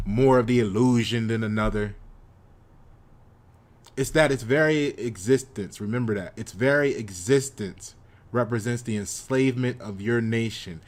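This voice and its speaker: An American man delivering a confrontational lecture on his channel, repeating himself as he drives his points home. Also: mid-range voice. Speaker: channel host. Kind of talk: monologue commentary.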